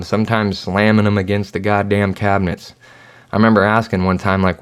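A man with a very low, deep voice talks through his own story in a loose, rambling way. He swears constantly and speaks bluntly. It sounds like a candid solo podcast monologue. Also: flat delivery, a little fast, clear, resonant tone. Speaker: podcast host.

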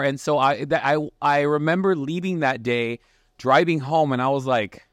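Profane, animated man, fairly high voice. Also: moderate pace, no echo, clean studio sound. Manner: profane, animated, restarts often, acts out quotes. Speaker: podcast host and chef. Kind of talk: casual storytelling chat. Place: restaurant kitchen.

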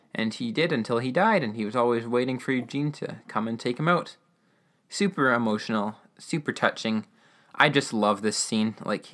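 A man's voice: medium pitch, fairly bright tone. Rambling, enthusiastic man recapping. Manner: rambling, enthusiastic, filler-heavy. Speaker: radio-drama episode reviewer. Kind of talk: casual recap.

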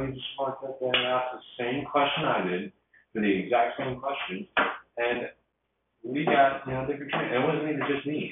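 A young man co-hosting a casual podcast chat, telling rambling, animated stories with lots of fillers. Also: medium pitch, background noise. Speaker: podcast co-host. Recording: distant, echoey, phone-quality recording.

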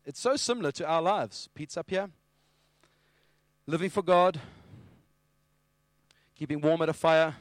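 Animated preacher. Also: male voice, on the high side, a little slow, pauses often, no echo, clean studio sound. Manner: animated storytelling, acting out scenes. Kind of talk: sermon.

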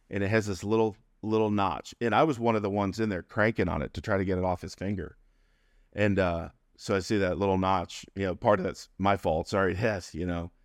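A man's voice: fairly low pitch, no echo, studio quality. A middle-aged man telling a personal story in a conversational, humorous way, laughing between phrases. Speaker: interview guest.

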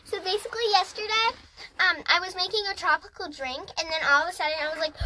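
A woman's voice: extremely high pitch, steady tone, fast talker, bright, forceful tone. A young woman co-hosting a casual chat, playful and cheeky. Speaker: co-host. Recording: faint background hiss.

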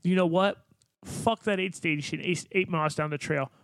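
High-voiced man giving blunt pep talk. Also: normal speed, fairly bright tone, dry recording. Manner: emphatic, motivational, swears freely. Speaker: podcast co-host. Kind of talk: casual chat.

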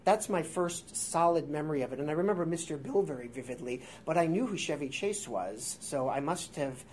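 Man, 40s, naturally high-pitched voice; self-deprecating, meandering guest storyteller; faint background noise. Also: animated, brisk, darkish tone. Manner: rambling, self-deprecating, with filler words and restarts. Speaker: guest improviser. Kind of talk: casual interview storytelling. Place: theater workshop space before a live audience.

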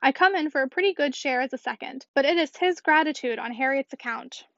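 Woman voicing a high-voiced, decided young lady, precise, dull lo-fi sound. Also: brisk, fairly bright tone, no echo. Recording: dull, dry lo-fi recording.

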